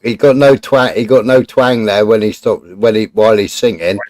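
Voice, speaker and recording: A man's voice: fairly low pitch, moderate pace, a little mellow, no room sound. A man telling a casual story, rambling and restarting as he goes.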